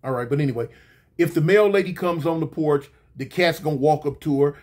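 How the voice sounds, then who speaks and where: A man telling a funny story in a casual, slangy, animated way, getting loud and excited at the big moments. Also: a little high, brisk. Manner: animated, slangy, rising to near-shouts at the peak.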